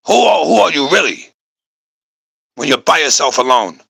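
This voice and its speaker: A man's voice: a little high, sing-song, normal speed, creaky, fairly bright tone, husky. A man hosting a podcast, reacting to clips with profane, repetitive, rhetorical commentary. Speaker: podcast host reacting to videos.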